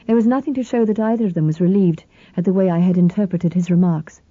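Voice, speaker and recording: A woman narrating a novel in the first person, reading in an even, measured way. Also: fairly low pitch, no room sound. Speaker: audiobook narrator. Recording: slightly dull, dry lo-fi recording.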